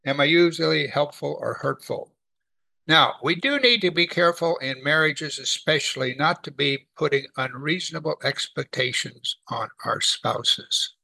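A man preaching a sermon, teaching from the Bible in a conversational, animated way. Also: fairly high pitch, moderate pace, vocal fry, poor audio.

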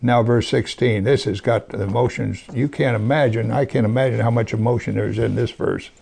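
Reading scripture aloud and then discussing it, this preacher has a creaky, gravelly voice of medium pitch, a steady tone and a fairly quick pace. At times he sinks into a quiet hush to press his point.

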